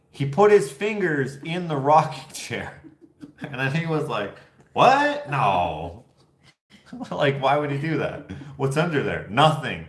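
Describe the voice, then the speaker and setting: In a reverberant space, a Canadian man with a lowish voice hosts a casual livestream, reading viewer comments. He tells rambling, animated stories and acts out the voices of the people in them.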